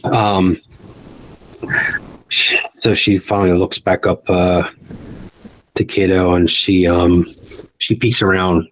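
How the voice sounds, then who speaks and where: A man narrating as game master of a tabletop game, halting and full of ums. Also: low-pitched, fairly even intonation, slight background noise, rough recording.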